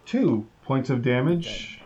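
A man running a tabletop game as game master, talking slowly with frequent fillers and pauses. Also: medium pitch, expressive, dull audio, noisy background. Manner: slow, halting, with many fillers.

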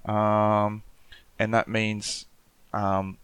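A man's voice: on the low side, completely flat delivery, extremely slow, fairly bright tone, smooth, dry recording. An Australian man with an Aboriginal Australian accent, talking thoughtfully in a casual panel discussion, with many restarts. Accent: Aboriginal Australian English.

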